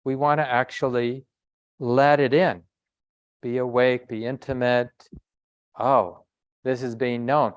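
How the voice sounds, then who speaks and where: A man gives a dharma talk as a meditation teacher. His voice sits at a middle pitch, and he speaks in a reflective, conversational way, pausing and correcting himself as he goes. The sound is dry and close, with no room echo. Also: little pitch movement, smooth, dull audio.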